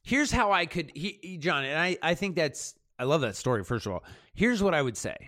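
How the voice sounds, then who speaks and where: Animated man rambling about his film. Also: a little high, fairly quick, no room sound, clean studio sound. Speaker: filmmaker, podcast co-host. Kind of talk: casual chat.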